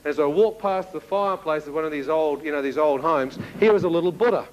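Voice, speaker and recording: A man from New Zealand with a New Zealand accent, telling his testimony as a sermon and acting out the dialogue in an animated way. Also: on the high side, a little fast, highs cut off. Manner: animated storyteller who acts out dialogue, with laughs. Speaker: preacher giving a testimony.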